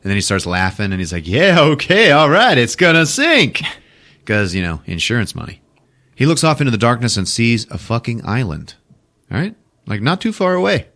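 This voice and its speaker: A man hosting a podcast, retelling a movie in a profane, animated way. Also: on the low side, a little fast. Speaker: podcast host. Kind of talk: casual movie recap. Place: podcast studio.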